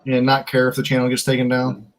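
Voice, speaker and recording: Host, easygoing and rambling, mid-pitched everyday voice. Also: monotone, quick pace, poor audio. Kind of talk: casual chat.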